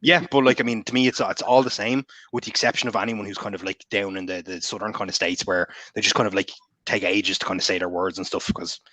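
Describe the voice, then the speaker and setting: Fast-talking Irish man, bright tone. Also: lowish voice, steady tone, no echo. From Ireland. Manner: rapid, rambling, heavy on fillers and swearing. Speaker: guest author. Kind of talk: casual podcast chat.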